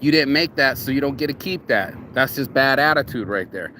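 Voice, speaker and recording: A man's voice: mid-range voice, a little fast, a little hiss or hum. Rambling, swearing man outdoors. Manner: rambling, animated, swears freely. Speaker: vlogger. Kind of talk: casual motivational monologue. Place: outdoors in a yard.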